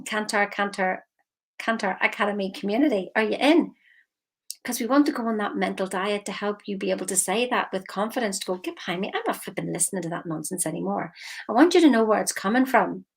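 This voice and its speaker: A woman mindset coach giving a lively, emphatic motivational talk straight to her viewers. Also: mid-range voice. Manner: lively, emphatic, slips into quoted voices.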